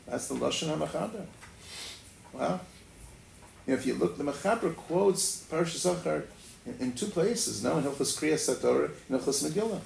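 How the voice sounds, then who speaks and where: Gravelly man teaching a Torah class. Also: fairly high pitch, animated, moderate pace, darkish tone. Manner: thinking aloud, rhetorical questions, many fillers. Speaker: Talmud teacher. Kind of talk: Torah lecture. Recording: echoey room, faint noise.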